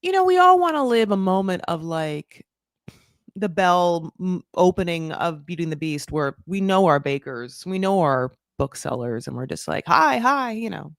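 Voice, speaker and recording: A talkative woman in her thirties hosts a casual TV recap, full of "like" and the odd curse. Her voice sits low but keeps shooting up when she gets excited. The sound is dry and close. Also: creaky, dry recording. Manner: chatty, fast, lots of "like" and swearing; lively, jumps high for emphasis. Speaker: recap podcast host. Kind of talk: casual chat.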